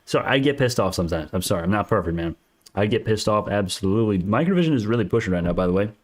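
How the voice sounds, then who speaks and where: A man's voice: on the low side, animated, fast. A man hosting a stock market livestream, answering chat comments in casual, argumentative talk, often restarting his sentences.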